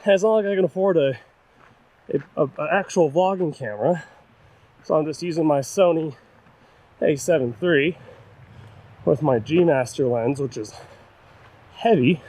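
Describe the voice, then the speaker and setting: A young male hiking vlogger talks to viewers as he climbs a rocky trail, breathless, chatty and self-deprecating in casual narration. His voice is slightly high and a little mellow, at a normal speed with long pauses. A camera-mounted shotgun mic outdoors picks up wind.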